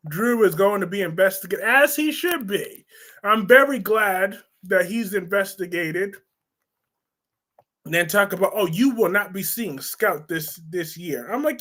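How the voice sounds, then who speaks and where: Sassy high-voiced man chatting live. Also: a little slow. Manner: sassy, blunt and animated, with frequent profanity. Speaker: host of a live soap opera discussion stream. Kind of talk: casual live-stream chat reading viewer comments.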